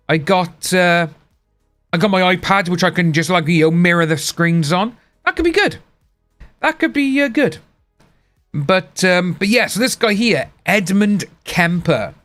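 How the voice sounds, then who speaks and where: A man's voice: on the high side, fairly bright tone. Chatty man streaming live. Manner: rambling, chatty, reads out chat names. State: hiccups. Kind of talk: casual live-stream chat. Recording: faint music behind.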